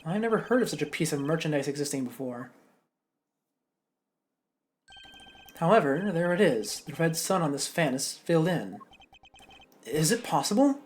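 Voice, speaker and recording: A woman voicing a composed male prosecutor from a game, speaking low, measured and serious. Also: darkish tone. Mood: puzzled.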